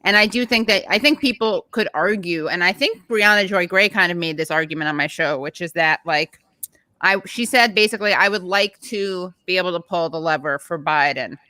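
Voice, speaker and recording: A woman's voice: lowish voice, brisk, bright, forceful tone, dry recording. A woman hosting a political show over a video call, speaking in a hesitant, searching way. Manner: hesitant, many fillers and restarts. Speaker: podcast host. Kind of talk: casual political chat.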